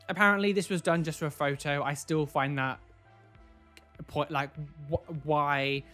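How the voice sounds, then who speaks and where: A man's voice: fairly high pitch, steady tone, unhurried, long pauses, sharp tone, faint music behind. A man hosting a casual reaction video, talking in an incredulous way that is full of repeated "like" and "what", and giving preachy warnings to viewers.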